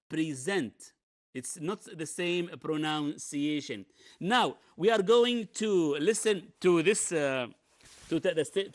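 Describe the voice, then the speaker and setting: Male English teacher on a broadcast lesson; explanatory, pauses often, slightly high pitch. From Oman. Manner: explanatory, hesitant with many fillers. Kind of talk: televised classroom lesson.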